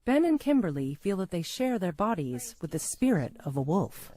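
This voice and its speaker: A woman's voice: fairly low pitch, big pitch swings, normal speed, warm tone. A woman giving scripted documentary narration.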